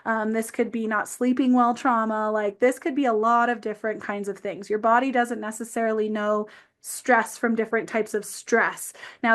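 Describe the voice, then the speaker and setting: A woman's voice: a little high, a bit bright. A woman physical therapist talking earnestly as a podcast guest, with frequent "um" and "like" fillers. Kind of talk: explanatory interview talk.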